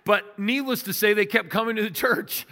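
A man's voice: sits high, normal speed, bright, forceful tone, big-room sound. A man preaching a sermon as pastor, emphatic and conversational, telling stories to his congregation. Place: church sanctuary.

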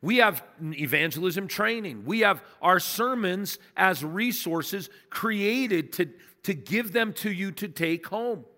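A man's voice: high voice, animated, slow pace, hardly any pauses, sharp tone, big-room sound. A man preaching a sermon as pastor, emphatic and conversational, telling stories to his congregation. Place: church sanctuary.

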